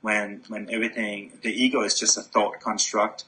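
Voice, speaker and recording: A man talking as a guest, reflective and halting, restarting his sentences often. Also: lowish voice, level tone, pushed and bright, rough recording. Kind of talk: spiritual conversation.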